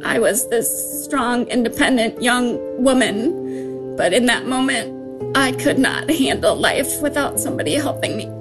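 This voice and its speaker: Casting: middle-aged woman, slow and heartfelt personal recollection, faint music under. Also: a little high, expressive. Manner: slow, emotional storytelling. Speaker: storyteller.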